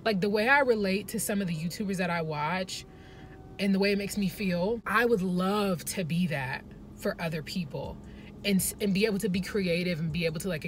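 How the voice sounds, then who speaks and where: A young woman talking earnestly to the camera from her parked car, chatty and full of fillers, for a casual confessional vlog. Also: mid-range voice. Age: young adult. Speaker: vlogger.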